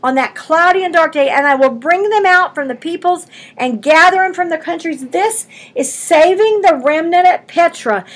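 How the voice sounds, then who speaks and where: A woman's voice: very high-pitched, normal speed, few pauses. A woman pastor preaching an expository sermon in a church, reading scripture aloud and explaining it in a folksy, emphatic way.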